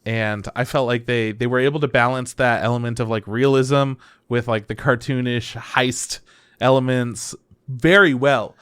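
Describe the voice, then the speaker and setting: A man co-hosting a podcast in relaxed casual chat, easygoing and agreeable. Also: medium pitch, normal speed, smooth, dry recording. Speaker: podcast co-host.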